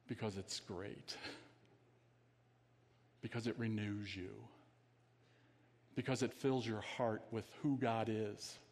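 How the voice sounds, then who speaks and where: A man's voice: lowish voice, steady tone, measured pace, long pauses. Conversational male preacher in a reverberant hall. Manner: conversational preaching with audience questions, trailing into quiet emphasis. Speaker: pastor. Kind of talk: sermon.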